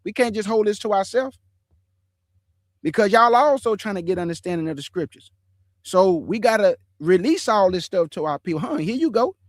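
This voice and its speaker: A man hosting an online show, chatting casually about scripture in relaxed slang and calling his viewers family. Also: high-pitched, moderate pace, dry recording. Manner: laughs often while telling stories. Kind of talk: casual livestream chat on scripture.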